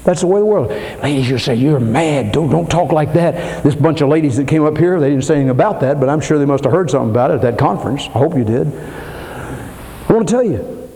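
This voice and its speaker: An older man preaching a dramatic sermon in a church, swinging between soaring emphasis and low asides. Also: animated, quick pace, mellow. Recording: long hall reverb.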